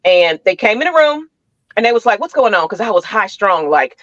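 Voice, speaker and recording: A woman co-hosting a podcast in a casual chat, telling a story in an animated way and acting out the quotes. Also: mid-range voice, a little fast, no echo. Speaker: podcast co-host. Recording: dull, dry lo-fi sound.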